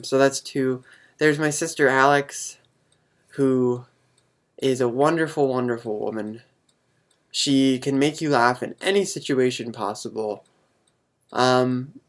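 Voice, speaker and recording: A young man answering viewer questions to camera, halting and full of ums, earnest and openly emotional. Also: medium pitch. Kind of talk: casual chat to camera.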